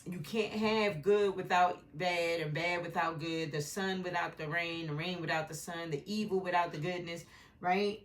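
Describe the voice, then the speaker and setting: A woman's voice: on the low side, steady tone, normal speed. A woman giving a meandering intuitive tarot reading from home, often adding "right?" as she talks. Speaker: tarot reader. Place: home with a dog nearby.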